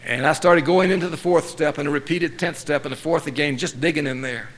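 A man's voice: a little high, a little fast. Wry man telling his recovery story. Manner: wry, self-mocking storytelling. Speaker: speaker sharing his story at a recovery meeting. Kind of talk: personal recovery testimony.

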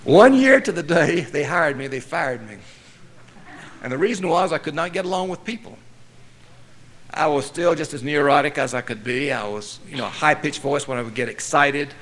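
A man's voice: on the high side, moderate pace, fairly bright tone. A man from North Carolina giving a personal recovery testimony at a meeting, telling it in a wry, self-mocking way. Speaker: speaker sharing his story at a recovery meeting.

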